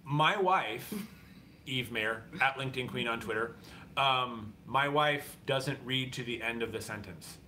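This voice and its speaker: A man's voice: mid-range voice, a little slow, bright, forceful tone, slight background noise. A man co-hosting a casual show, telling a teasing story to viewers. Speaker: podcast co-host. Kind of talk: casual chat with live viewers.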